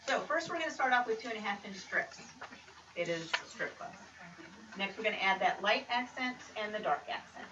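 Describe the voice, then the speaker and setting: A woman presenting a quilting demonstration in a casual, chatty way with upbeat asides. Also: medium pitch. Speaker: quilt pattern designer presenting. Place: creative center studio. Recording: roomy, distant, noisy room sound.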